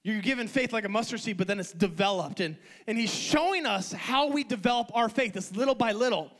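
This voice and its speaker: High-voiced man preaching with passion. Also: a little fast, few pauses, low-quality recording. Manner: passionate, swings from hushed to loud preaching. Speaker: pastor. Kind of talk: sermon.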